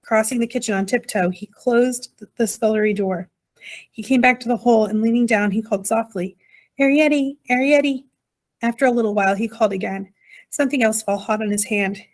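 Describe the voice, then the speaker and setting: A woman's voice: mid-range voice, fairly even intonation, fairly quick, a little mellow. Woman reading a children's story. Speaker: audiobook reader. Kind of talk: storybook narration.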